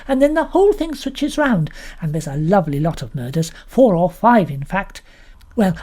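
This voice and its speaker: A woman's voice: medium pitch, breathy edge, voice pushed up. A woman with a British accent voicing a middle-aged vicar's wife who gushes eagerly and rambles on breathlessly in a storybook reading. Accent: British English.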